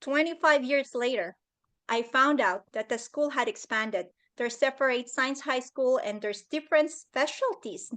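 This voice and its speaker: A woman's voice: high voice, a little slow, fairly bright tone. A middle-aged woman giving an earnest, emotional talk about leadership over a video call. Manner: earnest, emotional, acts out quoted voices. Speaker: guest speaker. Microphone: computer on a video call.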